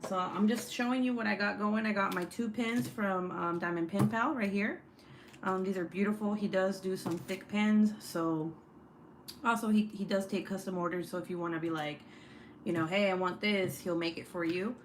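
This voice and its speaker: A faint hiss underlies the voice of a young woman streaming true crime talk from her home desk through a phone or webcam. Her medium-pitched voice stays fairly even at a normal speed as she chats loosely, swears freely, and reads viewer comments in an offhand manner.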